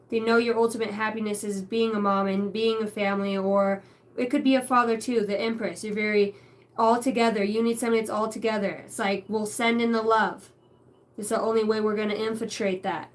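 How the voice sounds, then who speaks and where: A woman's voice: medium pitch, flat delivery, moderate pace, slight background noise. A woman giving a channeled tarot reading, rambling through names and numbers and swearing casually. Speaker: psychic reader.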